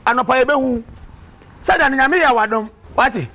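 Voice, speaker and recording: A man's voice: very high-pitched, normal speed, bright, forceful tone, heavily acted. An actor with a Ghanaian accent playing a talkative man who lectures and advises a young woman in a film drama. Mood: insistent.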